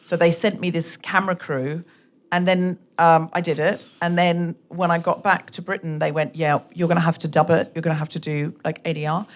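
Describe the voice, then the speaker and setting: Animated woman hosting a live podcast. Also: lowish voice, brisk. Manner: animated storyteller, laughing through anecdotes. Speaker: podcast host. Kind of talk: live podcast chat with audience. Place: bookshop event before a live audience.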